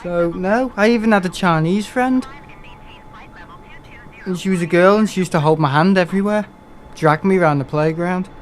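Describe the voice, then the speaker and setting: On a live gaming stream, a young man with a slightly high voice chats at normal speed, drifting from one thought to the next, laughing often and mocking himself. A faint hum of background noise sits underneath.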